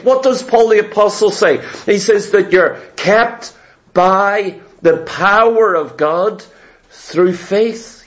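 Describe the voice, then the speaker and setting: A male pastor preaching a sermon, emphatic, with rhetorical questions and repeated phrases. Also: high-pitched.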